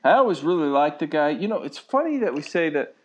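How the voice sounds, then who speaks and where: A man's voice: a little high, big pitch swings, fast talker, lo-fi sound. Laid-back man hosting a podcast. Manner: laid-back, laughs along easily. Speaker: podcast host. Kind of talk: casual chat.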